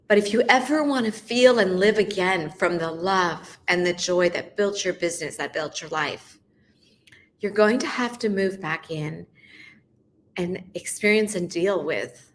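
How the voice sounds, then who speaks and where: A middle-aged woman tells her own story of grief and healing as host of a faith series. She speaks slowly and softly, often halting and close to tears, in an unhurried, heartfelt testimony. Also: medium pitch, expressive. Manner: emotional, tearful at times, speaks in soft halting bursts. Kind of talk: personal testimony, heartfelt talk.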